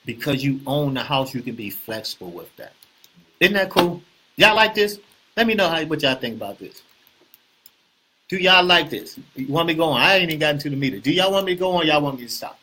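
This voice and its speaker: This man speaks, with a bright voice that has a husky edge. He hosts a casual real estate talk, animated and preachy, repeating his main points and asking his viewers whether they are following along. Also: fairly high pitch, a little fast. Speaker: host.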